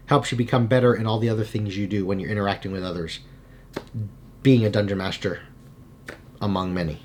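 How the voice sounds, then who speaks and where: A young adult man hosting a video of tips for dungeon masters, talking in an energetic, conversational way with frequent "right?" asides. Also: mid-range voice. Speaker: channel host giving tabletop game advice. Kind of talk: casual advice video.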